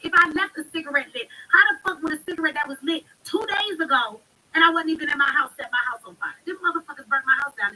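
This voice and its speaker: High and sharp-toned, this live-stream host rants bluntly and emphatically, swearing heavily throughout a heated monologue. The audio quality is poor.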